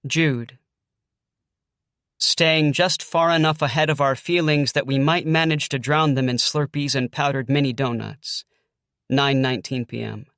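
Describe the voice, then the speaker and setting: A man narrating a first-person audiobook in a relaxed, understated way. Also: mid-range voice, unhurried, dry recording, studio quality.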